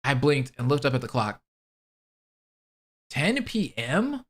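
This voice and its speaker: Man reading as a tired older woman narrator; plain, lively pitch. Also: slow. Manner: plain first-person narration.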